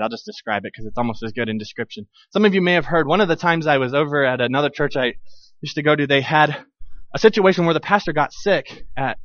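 A man preaching a sermon in a lively, conversational way, acting out little scenes and asides as he goes. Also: on the high side, no room sound, lo-fi sound. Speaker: pastor.

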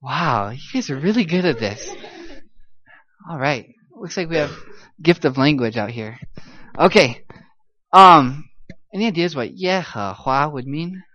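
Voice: medium pitch, expressive, measured pace, pauses often, fairly bright tone, dull audio. Upbeat missionary coaching a crowd. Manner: upbeat and encouraging, teasing the audience; demonstrates tones with sung-out syllables. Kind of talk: church mission talk teaching Chinese tones. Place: in front of a live audience.

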